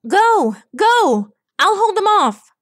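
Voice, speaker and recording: A cocky tomboy pegasus pony girl, voiced by a woman reader, pitched well above the narrator's voice. She talks loudly and scrappily, and the storybook reading is kept close and dry. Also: fairly even intonation, a little slow, no room sound. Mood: fierce. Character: brash tomboyish young female pegasus pony.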